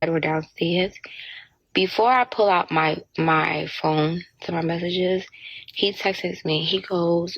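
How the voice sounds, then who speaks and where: A woman's voice: fairly low pitch, fairly even intonation, slow pace, breathy edge, dry recording, dull audio. A young woman ranting in an indignant, exasperated storytime, quoting what others said, in a played-back clip with faint noise. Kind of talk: casual storytime rant to camera.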